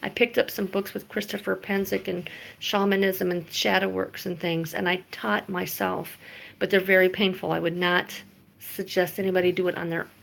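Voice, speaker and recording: A woman's voice: mid-range voice, level tone, moderate pace, gravelly, fairly bright tone. A middle-aged woman telling a personal story in a casual monologue, blunt and emphatic, swearing freely. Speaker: vlogger.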